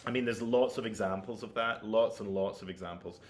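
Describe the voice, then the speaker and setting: A man's voice: on the low side, fairly even intonation, brisk. A man giving an online flute masterclass, explaining technique and checking in with his listeners as he goes. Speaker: flute teacher.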